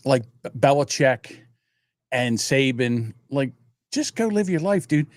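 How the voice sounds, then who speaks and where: A man's voice: mid-range voice, expressive, measured pace, no echo. Guy in his 60s hosting a stream, rambly swearing storyteller, dry close sound. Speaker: livestream host. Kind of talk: casual chat.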